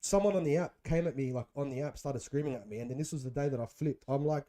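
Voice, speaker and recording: A young man tells stories in loose, slangy podcast chat, calling his host bro and man. His voice sits at an ordinary middle pitch, and he talks in an animated, lively way. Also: fast. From Australia. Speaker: guest. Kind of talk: casual interview chat.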